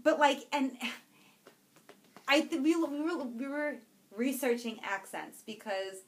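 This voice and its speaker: A woman with a Long Island accent, co-hosting a podcast in an animated, playful casual chat. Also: high-pitched. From Long Island, New York. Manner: animated, playful, quick to laugh. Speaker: podcast co-host.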